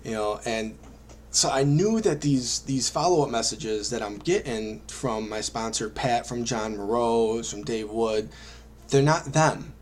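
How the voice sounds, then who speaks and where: A man in his vlog, telling his own story with animated, self-mocking energy. His voice sits in a middle pitch range. A faint background noise runs under it. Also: unhurried. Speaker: online marketing vlogger. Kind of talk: personal storytelling to camera.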